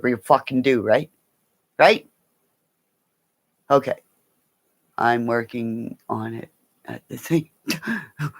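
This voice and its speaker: In a studio-quality recording with no echo, a gravelly-voiced woman runs a laid-back livestream. She rambles and curses freely while addressing viewers by name, her animated delivery leaping between high and low tones.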